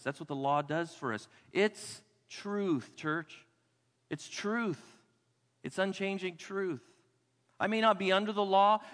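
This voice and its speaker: A middle-aged man preaching a sermon, animated, swinging between loud exclamations and quiet low asides. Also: big-room sound. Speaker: pastor.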